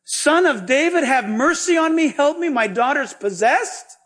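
A man's voice: extremely high pitch, animated, measured pace, fairly bright tone, pitched above the performer's own voice, full character voice. A man preaching voices a desperate mother who earnestly begs for help for her daughter. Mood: pleading. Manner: earnest, imploring.

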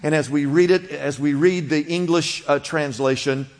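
Man, pastor, sermon, somewhat high voice, reverberant church hall, conversational teaching, call-and-response. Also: fairly even intonation, moderate pace, a little mellow.

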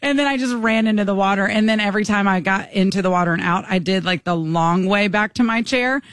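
A young woman from Michigan tells a travel story on a talk show, animated and quick to laugh. Her voice is close and dry, at an ordinary pitch for a woman. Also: no room sound. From Michigan, USA. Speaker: co-host telling a travel story. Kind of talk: casual radio chat.

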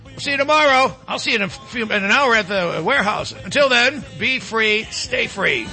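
A middle-aged man hosting a political talk radio show, rambling and mocking with animated asides. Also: very high voice, moderate pace, loud music behind the voice.

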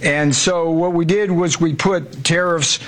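A man's voice: fairly high pitch, steady tone, measured pace. A man speaking bluntly and combatively about trade, often repeating himself. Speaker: trade official in archival clip. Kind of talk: interview clip.

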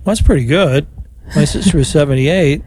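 A man's voice: fairly high pitch, moderate pace, darkish tone, breathy edge. A man who is a priest, hosting a call-in rosary show, leading prayers and chatting with callers in a joking, fatherly way.

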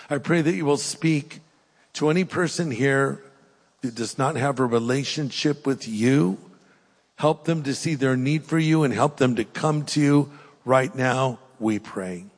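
An older man preaching a sermon with an altar call, earnest and pleading, swinging between raised emphasis and hushed, soft appeals. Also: medium pitch, measured pace, long reverb tail. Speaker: pastor. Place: church hall with live audience.

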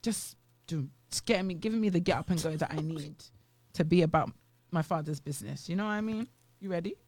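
Woman radio co-host, loud chatty voice, dry sound. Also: fairly low pitch, fast talker, no echo. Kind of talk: casual radio chat.

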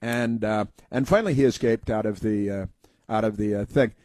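A man's voice: fairly low pitch, fairly even intonation, normal speed, a little mellow, dry recording. A man hosting a talk show, telling rambling folksy stories and giving opinionated commentary.

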